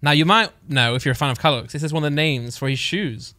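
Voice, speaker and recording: A man's voice: on the high side, quick pace, pushed and bright, no echo, clean studio sound. A man, co-hosting a podcast in casual chat, reading out word definitions and laughing often. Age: 20s. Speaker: podcast co-host.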